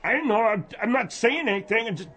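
A man acts out a dim young guy who whines and gets defensive. His voice is very high and sharply bright. It plays like a comedy radio bit. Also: animated, fast. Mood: whiny, meek. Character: dim, whiny young man named Bud.

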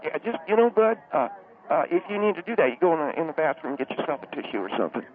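A man calling in as a reverend, talking earnestly and haltingly with many hesitations. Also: fairly high pitch, sing-song. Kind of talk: call-in chat. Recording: tinny phone line.

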